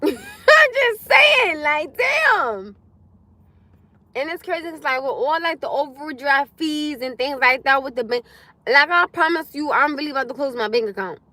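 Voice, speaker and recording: A woman's voice: high-pitched, measured pace, no room sound. A young woman hosting a casual livestream, talking loosely with viewers, reading their comments and swearing freely as she goes. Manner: chatty, swears freely, answers chat comments, animated. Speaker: livestream host.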